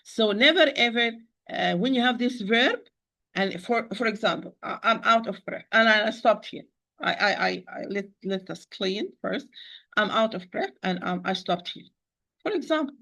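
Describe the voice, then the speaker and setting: A woman teaching Quran recitation in an online lesson, patiently repeating words slowly to demonstrate pronunciation. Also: mid-range voice, lively intonation, vocal fry, bright, forceful tone, low-quality recording. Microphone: computer, teaching over a shared screen.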